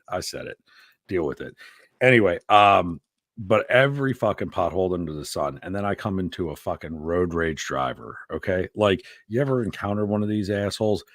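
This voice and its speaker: A male host with a very low, deep voice runs a loose live-stream chat, telling rambling stories packed with swearing and crude jokes. The sound is dry and close, with no room echo. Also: fairly bright tone. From Pennsylvania. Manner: crude, profane joking banter. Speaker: podcast host.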